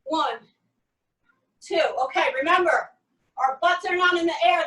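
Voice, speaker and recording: A woman fitness coach runs a home workout, counting reps and calling out upbeat step-by-step cues. Her voice is extremely high, unhurried, pushed and bright. The mic sits at a distance in an echoey room.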